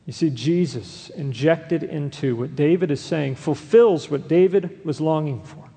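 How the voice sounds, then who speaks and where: A man's voice: fairly high pitch, unhurried, mellow. A man preaching a sermon as a pastor, reading scripture aloud and explaining it to his listeners. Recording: long hall reverb.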